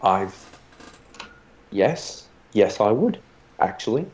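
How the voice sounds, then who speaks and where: A man's voice: lowish voice, very animated, slow, a little mellow, lo-fi sound. A man playing a character in a tabletop game, joking dryly. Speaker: player. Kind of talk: tabletop role-play in character.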